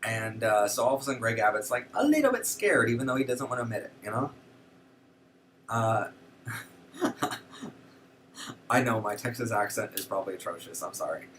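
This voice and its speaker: A man's voice: fairly low pitch, normal speed, long pauses, far from the mic, slight background noise. A man hosting a show, giving casual, indignant political commentary with lots of fillers. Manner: animated, indignant, frequent fillers. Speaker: show host.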